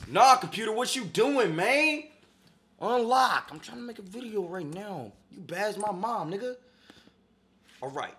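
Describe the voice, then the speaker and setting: A man's voice: high voice, very animated, a little fast. A young man doing a comic cooking video in his home kitchen, talking in a swaggering, slang-heavy, boastful way. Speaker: comedic cooking vlogger. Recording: echoey kitchen, faint noise.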